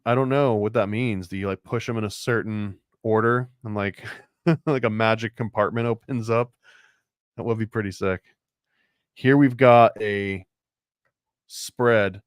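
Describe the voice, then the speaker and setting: A man's voice: fairly low pitch, a little slow, clean tone, no echo, studio quality. A man hosting a casual show-and-tell of picture book art, rambling and unsure, full of likes and restarts. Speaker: host.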